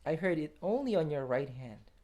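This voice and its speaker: A woman's voice: sits low, animated, normal speed, dark tone. A woman coaching a piano student in a masterclass, encouraging and singing phrases on syllables to show the touch. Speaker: piano teacher. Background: faint piano.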